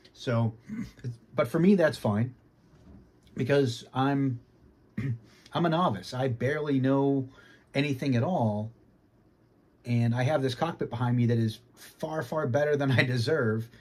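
A man from Boston with a faint Boston accent, giving an easygoing casual review from his home sim cockpit and often clearing his throat. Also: mid-range voice, a little mellow. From Boston, United States. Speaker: flight sim hobbyist.

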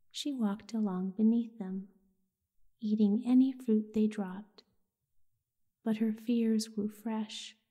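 A woman telling a sleep story in a soft, soothing whisper. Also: on the high side.

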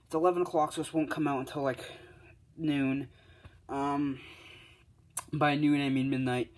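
A man's voice: fairly high pitch, level tone, moderate pace. A young man casually telling his own fan story at home late at night, rambling with lots of fillers and humming placeholder sounds, recorded on a handheld device. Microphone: tablet or other handheld device.

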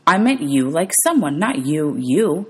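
A woman's voice: low-pitched, sing-song, measured pace, darkish tone, husky, full character voice. A woman reading aloud, voicing a nervous, touchy young male satyr who snaps back defensively. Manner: defensive, bleating retorts.

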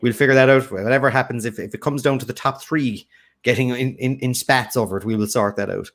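A man's voice: medium pitch, fairly even intonation, a little fast, a bit bright. A man co-hosting a live-streamed quiz, chatty and joking, rambling a little. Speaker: quiz co-host.

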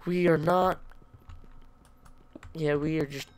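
A man's voice: on the high side, steady tone, takes it slowly, smooth. A man giving casual commentary over his own gameplay, chatty and jokingly self-pitying, talking back to the creatures in the game. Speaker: let's play gamer.

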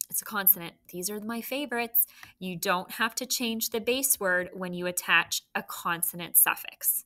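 A woman's voice: mid-range voice, bright, forceful tone. A woman teaching a phonics lesson, patiently prompting the children and praising their answers.

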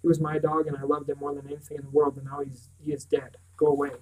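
A man's voice: a little high, monotone, fast talker, far from the mic, a little hiss or hum, close to an everyday voice, poor audio. A man reading the lines of an angry young boy in grief, bitterly telling someone to go away, in an audiobook reading. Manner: bitter, pleading to be left alone.

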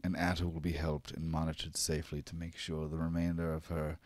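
Man doing a calm creepy villain boss, deep, quiet threats, dry close sound. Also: dry recording. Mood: commanding. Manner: quiet, measured, menacing. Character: cold scheming male official, smooth menace.

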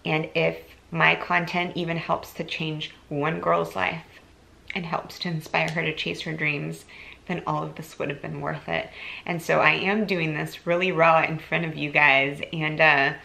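A woman in her thirties vlogging to camera, earnest and emotional, talking warmly to her viewers with bits of laughter. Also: low voice, little pitch movement, unhurried, creaky. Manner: earnest, tearful, chatty with laughs. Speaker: YouTuber and influencer.

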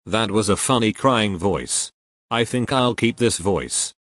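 A computer-generated male voice that reads joke error messages aloud in a flat, even, text-to-speech manner. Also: on the low side, measured pace, no echo. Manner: flat, evenly paced computer voice. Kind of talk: synthetic text-to-speech reading.

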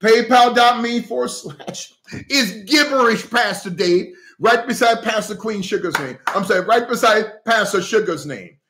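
A man hosting a heated political livestream, animated and breaking into shouts, thanking viewers for gifts. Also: high voice, normal speed, slight background noise. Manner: animated, breaks into shouts, repeats okay, coughs. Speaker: livestream host addressing viewers as pastors. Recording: echoey room.

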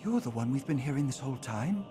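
A man's voice: medium pitch, animated, quick pace, music in the background, lightly acted. A man voicing an earnest young game companion. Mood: curious.

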